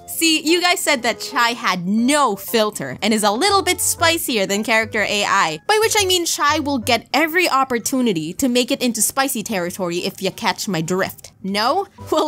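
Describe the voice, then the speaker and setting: A woman hosting a comedic vlog, joking and animated as she comments on chatbot conversations. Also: on the high side. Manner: animated, joking, reads chat lines aloud. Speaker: YouTuber host.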